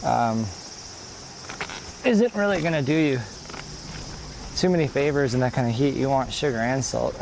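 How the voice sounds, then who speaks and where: A man's voice: mid-range voice, moderate pace, creaky, long pauses, noisy background. A man live-streaming as he walks outdoors, chatting loosely and answering viewers, a little out of breath from the climb. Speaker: walking livestreamer. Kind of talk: casual live-stream chat while walking. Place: outdoors, countryside road.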